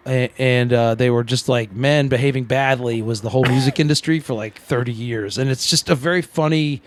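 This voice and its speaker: A man on a podcast as the comedian guest, riffing in animated, casual comedic chat. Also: mid-range voice, fairly quick. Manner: animated, riffing, breaks into shouted singing.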